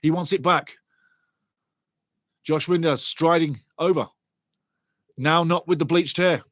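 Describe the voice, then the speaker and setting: A man giving lively, chatty live football watchalong commentary and greeting viewers in the chat. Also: on the high side, slow, dry recording, clean studio sound.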